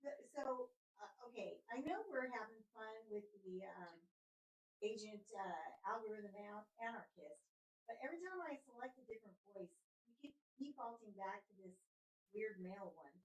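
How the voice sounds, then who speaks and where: A woman streamer and voiceover artist arguing casually, exasperated, with quick restarts. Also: mid-range voice, animated, roomy sound, poor audio. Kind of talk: casual livestream chat.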